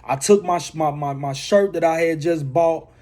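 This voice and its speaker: A man's voice: on the high side, normal speed, warm tone. A man, a motivational speaker, telling a personal testimony and repeating phrases for emphasis.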